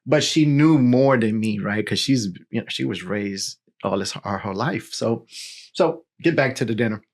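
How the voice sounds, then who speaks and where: A man in his forties, a pastor, telling his personal testimony in a lively storytelling way, full of "you know" and "right?". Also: lowish voice, moderate pace. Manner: animated storytelling with filler words.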